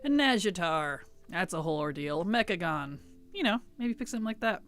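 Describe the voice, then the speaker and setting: A woman's voice: on the low side, lively intonation, fairly quick, fairly bright tone, faint music behind. A woman streaming a game, chatting casually with her viewers in a laid-back, rambling way. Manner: chatty, reads chat aloud and answers it. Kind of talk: casual live-stream chat.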